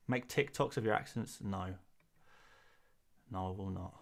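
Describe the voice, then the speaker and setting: A man's voice: low-pitched, a little slow, vocal fry, pauses often. Rambling English man hosting a live stream. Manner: self-deprecating, rambling, repeats words. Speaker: host. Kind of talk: live-stream chat answering viewers. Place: small cupboard-like room.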